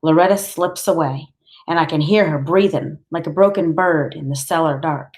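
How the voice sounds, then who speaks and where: A woman reads a novel aloud in the first person. Her voice is low, and she keeps the telling steady and intense. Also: moderate pace. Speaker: audiobook reader.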